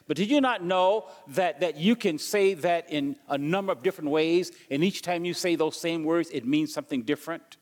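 In a church sanctuary, a pastor with a slightly high voice preaches a sermon, stumbling and repeating himself as he questions the congregation. He keeps a moderate pace with few pauses. A long echo from the hall follows his words.

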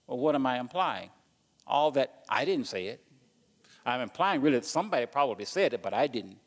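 A man's voice: mid-range voice, sing-song, a little fast, big-room sound. A man preaching a sermon as pastor, stumbling and repeating words as he goes and asking the congregation questions.

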